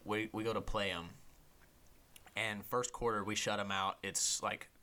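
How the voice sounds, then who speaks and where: A young man hosting a podcast, telling animated, profane stories in casual chat. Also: lowish voice, a little slow. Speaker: podcast host.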